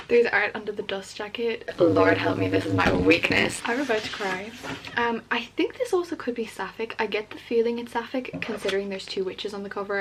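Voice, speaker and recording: Gushing young woman with background hiss. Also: mid-range voice. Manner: gushing, excitable, many "like" fillers. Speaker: book vlogger. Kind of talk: casual unboxing chat.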